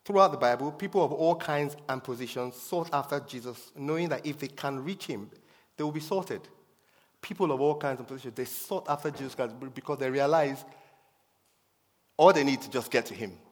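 A man's voice: mid-range voice, brisk. A man preaching a sermon with emphasis, repeating his key phrases for effect. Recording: long reverb of a hall.

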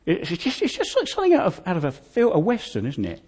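A man's voice: high-pitched, huge pitch swings, fast talker, a little mellow, breathy edge. A man preaching a sermon, retelling a scripture story in a vivid, conversational way, often asking his listeners questions. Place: church hall.

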